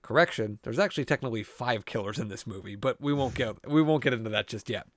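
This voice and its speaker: A man chatting loosely as a podcast co-host, retelling a film's plot with constant swearing and many restarts. His voice sits at an ordinary middle pitch. It is recorded close and dry, with no room sound. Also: animated, quick pace, no echo. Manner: profane, rambling storyteller. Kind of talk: casual movie recap chat.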